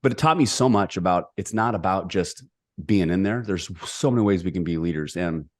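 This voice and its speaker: A middle-aged man telling a personal story as a podcast guest, energetic and emphatic. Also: low voice, fairly quick. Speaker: podcast guest, executive coach.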